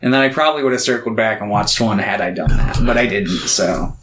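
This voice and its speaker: A man's voice: fairly low pitch, a little fast, fairly bright tone, faint music behind. A man co-hosting a casual podcast, rambling with lots of fillers and casual swearing. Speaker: podcast co-host. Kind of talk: casual chat.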